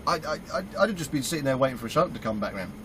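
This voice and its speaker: A man's voice: mid-range voice, sing-song, racing. British truck driver guy telling a story, acts out his own reactions, bit of background noise. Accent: British English. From United Kingdom. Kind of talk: casual storytelling.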